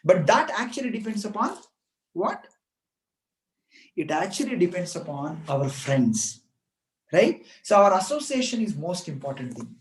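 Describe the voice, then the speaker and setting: A man's voice: high-pitched, big pitch swings, measured pace, pauses often, slight background noise. A man giving an earnest motivational talk to students, repeating points and asking rhetorical questions. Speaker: motivational speaker. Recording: echoey room.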